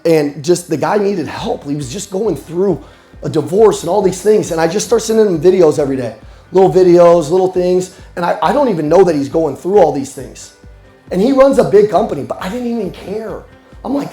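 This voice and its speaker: A young man giving an animated, playful motivational sales talk to a live audience. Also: sits high. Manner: animated, playful, addresses the crowd directly. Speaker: sales coach speaking live. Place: roomy hall with a live audience. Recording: echoey room with faint music.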